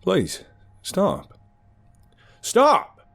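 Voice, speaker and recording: A man's voice: medium pitch, sing-song, moderate pace, creaky, warm tone, faint music behind, voice pushed up. A man voicing an awkward, anxious young man who turns pleading and urgent. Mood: panicked pleading. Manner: hesitant, then raised and urgent.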